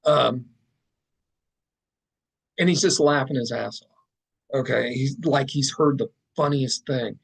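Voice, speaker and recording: A man, a podcast guest and artist, telling a story in a casual, animated way with plenty of fillers and asides. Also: mid-range voice, takes it slowly, creaky, long pauses, slightly rough, rough recording.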